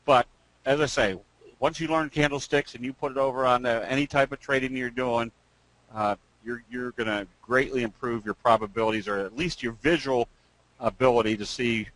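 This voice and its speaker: An easygoing man explains trading charts in an unhurried way, pausing often as he goes. His voice has a middling pitch, and it is recorded dry, with no room echo. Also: fairly even intonation, a bit bright. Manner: easygoing, frequent "uh" pauses. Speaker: guest trading educator. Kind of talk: casual explanation and joke telling.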